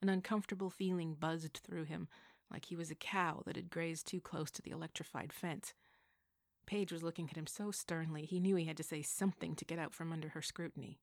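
A woman narrating a contemporary novel aloud in an even storytelling manner. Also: sits low, brisk, no room sound, clean studio sound. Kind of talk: audiobook narration.

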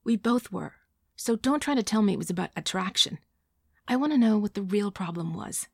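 A woman's voice: mid-range voice, lively intonation, fairly quick, creaky, a little mellow, husky, no echo, studio quality, voice pushed up. A woman voicing a hurt, indignant young woman who presses her ex for answers in a tense, raised voice.

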